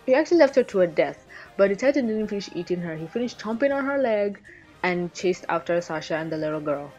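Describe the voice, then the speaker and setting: A woman giving a casual anime episode review in an animated, rambling way, swearing freely. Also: medium pitch, quick pace. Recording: dull lo-fi recording with faint background music.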